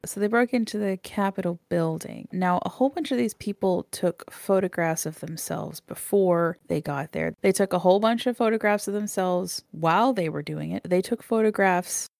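A woman's voice: medium pitch, moderate pace, vocal fry, hardly any pauses, darkish tone, dry recording, clean studio sound. A woman co-hosting a podcast, telling things in a wry, matter-of-fact way. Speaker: podcast co-host, storyteller. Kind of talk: casual chat.

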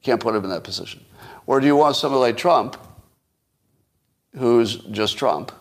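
A man's voice: medium pitch, moderate pace, creaky. A man hosting a solo podcast, giving casual, opinionated political commentary with frequent restarts. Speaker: podcast host.

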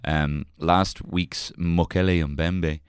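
A man's voice: sits low, fairly even intonation, slow pace, clear, resonant tone, dry recording, clean studio sound. A man hosting a podcast in a loose, rambling, crude joking way. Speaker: podcast host. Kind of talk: casual podcast chat.

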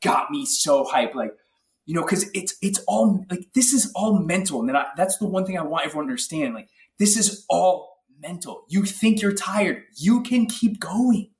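Animated man, echoey distant sound. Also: sits high, moderate pace. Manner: energetic, animated storytelling with lots of fillers. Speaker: guest athlete. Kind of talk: casual interview chat.

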